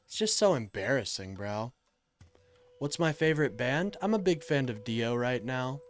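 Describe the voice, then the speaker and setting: A young man with an expressive mid-range voice hosts a political live stream, reading chat and replying heatedly and with exasperation. He swings between loud outbursts and mutters at a moderate pace, with soft music in the background.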